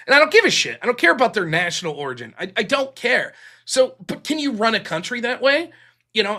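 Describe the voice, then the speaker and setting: A man's voice: high voice, pushed and bright. A man hosting a political call-in show, talking casually and profanely, rambling through stories as he retells what others told him.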